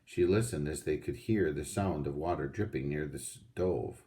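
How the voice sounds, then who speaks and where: A man reading a children's storybook aloud in a steady, unhurried way. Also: rumbling low. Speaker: audiobook reader.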